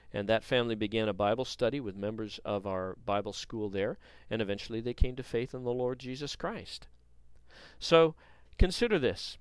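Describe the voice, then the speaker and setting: Low-voiced man teaching a Bible lesson. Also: darkish tone, clean tone, no echo. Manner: earnest storytelling with frequent uh fillers.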